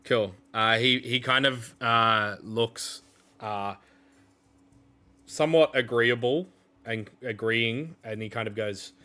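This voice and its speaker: A man narrating a tabletop role-playing game as game master, unhurried and hesitant, with pauses and fillers. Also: medium pitch, pushed and bright.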